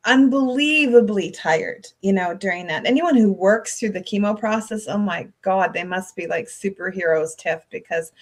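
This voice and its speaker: A woman's voice: mid-range voice, normal speed, hardly any pauses. A middle-aged woman co-host, talking candidly and emotionally in a casual chat.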